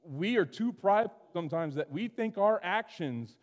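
A male pastor delivers a lively sermon in a high, ringing voice. He swings from loud exclamations down to hushed asides. The sound carries a long hall reverb. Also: normal speed. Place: church sanctuary.

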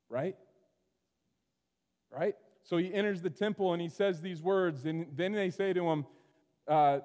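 Male pastor, high voice, animated sermon in a reverberant church. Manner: animated, swings from loud exclamations to hushed asides. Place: church sanctuary. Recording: long hall reverb.

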